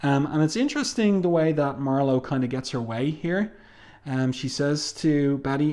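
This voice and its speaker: Unhurried man reviewing comics aloud. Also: fairly high pitch, a little mellow. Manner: unhurried, frequent ums and uhs, reads comic dialogue aloud. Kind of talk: casual spoken review.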